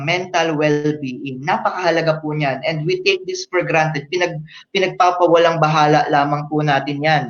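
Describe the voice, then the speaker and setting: Earnest Filipino happiness coach, dull audio. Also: male voice, high-pitched, fairly bright tone, reverberant. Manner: earnest, reads research aloud, frequent fillers. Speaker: happiness coach giving a workshop. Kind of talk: online workshop talk mixing English and Tagalog.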